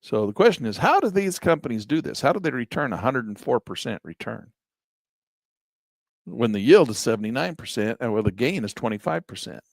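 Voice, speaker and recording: A man's voice: medium pitch, very animated, a little fast, vocal fry, no room sound. A man giving folksy, self-amused commentary on his investments while sharing his screen. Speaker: investing vlogger. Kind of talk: casual screen-share commentary.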